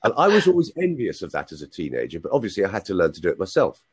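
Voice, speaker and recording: A man coaching someone on a video call, his voice a little husky from a cold. His pitch is lowish but moves around a lot as he explains. He keeps checking in with "right?". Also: wildly swooping pitch, very fast. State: has a cold, coughing.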